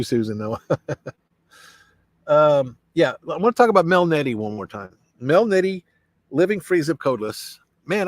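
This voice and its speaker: A man's voice: medium pitch, no room sound. A man hosting a casual live stream, rambling in a friendly way as he reads viewer comments aloud and answers them. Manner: friendly, many fillers and restarts.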